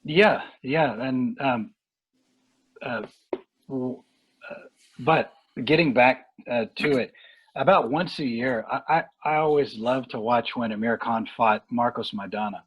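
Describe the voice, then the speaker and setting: Man with a husky, muffled voice. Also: mid-range voice. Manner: rambling, halting with many fillers and restarts. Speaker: boxing analyst guest. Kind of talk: casual podcast chat.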